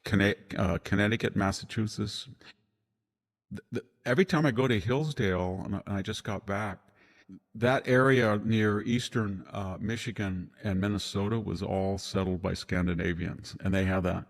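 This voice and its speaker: Older man, very deep voice, discursive talker with restarts, heard with a long reverb tail. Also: moderate pace. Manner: rambling, discursive, many restarts. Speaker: historian guest. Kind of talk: casual conversation.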